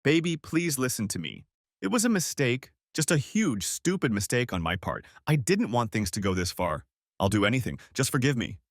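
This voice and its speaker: A man's voice: medium pitch, sing-song, normal speed, dry recording, studio quality. A man voicing a desperate, unfaithful wife who pleads tearfully with her husband in a storybook reading. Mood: pleading.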